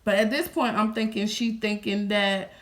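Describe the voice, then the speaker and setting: Animated, bright-voiced woman vlogger. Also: mid-range voice, moderate pace. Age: 30s. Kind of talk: casual storytelling to viewers.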